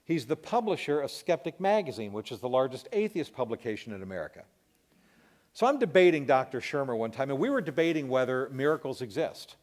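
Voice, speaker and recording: A man in his fifties, a talk show host, shares a personal testimony in a lively storytelling manner. He acts out sounds and drops in asides to his listeners. His voice sits at an ordinary middle pitch. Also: fairly quick. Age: 50s.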